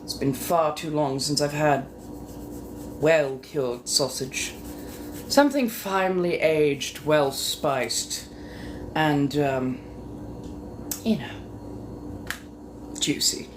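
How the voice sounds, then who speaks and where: A woman chatting casually with viewers on a live stream, teasing and flirty, full of innuendo and muttered asides. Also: sits low. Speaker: livestream host. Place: home. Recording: steady room noise behind voice.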